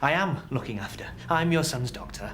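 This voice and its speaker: A man's voice: medium pitch, expressive, fairly quick, a bit bright, slight background noise. Flustered anxious young man. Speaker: junior doctor. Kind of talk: sitcom acting.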